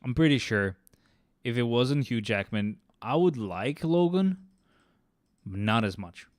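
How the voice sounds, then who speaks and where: A man's voice: mid-range voice, animated, measured pace, no echo, studio quality. A man streaming a game and rambling casually, with loose, chatty talk full of fillers and restarts. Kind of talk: casual rambling chat while gaming.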